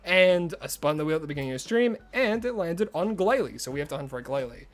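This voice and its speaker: A man's voice: fairly high pitch, animated, quick pace, faint music behind. A man streaming a game live, chatting casually with his viewers and rambling through asides. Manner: chatty, answers chat messages, rambling asides.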